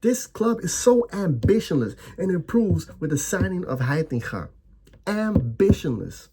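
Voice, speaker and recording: Husky-voiced man in a heated football rant. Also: high voice, sing-song, moderate pace, warm tone. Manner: heated, profane, repetitive ranting with stammered restarts. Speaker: football fan vlogger. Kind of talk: ranting fan reaction.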